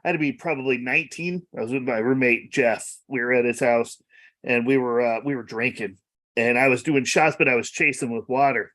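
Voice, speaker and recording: A man's voice: medium pitch, brisk, fairly bright tone. A man in his forties in casual chat, laid-back, laughing a lot and swearing casually. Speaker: podcast co-host.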